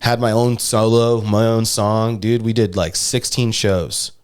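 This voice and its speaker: A man's voice: lowish voice, fairly even intonation, a little slow, darkish tone, clear, resonant tone. Swearing young man in casual chat. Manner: rambling, swearing, mimics voices. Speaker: podcast co-host, stand-up comic.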